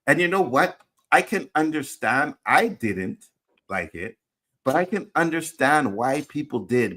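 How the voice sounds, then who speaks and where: Bright-voiced man ranting with heavy swearing. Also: a little high, very animated, normal speed. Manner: heated, swears constantly. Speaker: livestream show co-host. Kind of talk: casual profane rant.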